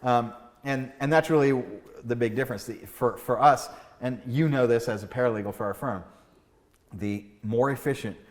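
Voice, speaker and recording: A man hosting a podcast as an estate planning lawyer, chatting casually with lively storytelling and frequent restarts. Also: normal speed. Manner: animated storytelling, acts out doctor skits with big pitch jumps; fillers and restarts, laughs at own jokes. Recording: room with long reverb.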